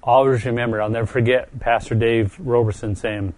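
A middle-aged man gives a heartfelt sermon in a gentle, earnest voice of ordinary pitch, pausing and circling back on his words. He is still recovering from a stroke and his voice carries a tender emotion. The sound is dry and close, with no room echo. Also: steady tone. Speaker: preacher.

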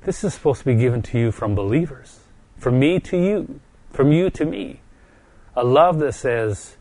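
A middle-aged man gives a heartfelt sermon in a gentle, earnest voice of ordinary pitch, pausing and circling back on his words. He is still recovering from a stroke and his voice carries a tender emotion. The sound is dry and close, with no room echo. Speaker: preacher.

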